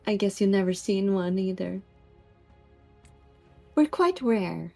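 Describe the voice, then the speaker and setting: A woman's voice: medium pitch, expressive, slow, gravelly, a little mellow, soft background music, full character voice. A woman voicing a flamboyant, greedy sky pirate who talks in a coy, theatrical way.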